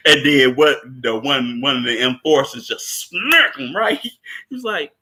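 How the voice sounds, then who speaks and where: A man casually recapping a film scene, laughing often, repeating words and acting out quotes in a higher voice. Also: animated, measured pace, bright, forceful tone.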